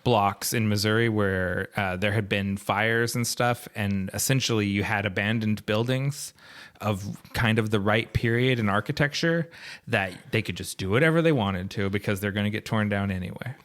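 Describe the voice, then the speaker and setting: A man co-hosting a podcast, chatting casually about a film in a relaxed way, chuckling now and then and thinking aloud. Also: fairly low pitch, moderate pace. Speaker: podcast co-host.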